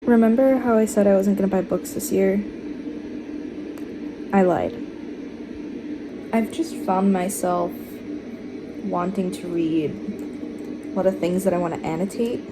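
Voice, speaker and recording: A woman chatting casually in a book vlog, gushing and excitable, sometimes dropping to a whisper. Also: lowish voice, background noise. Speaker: book vlogger.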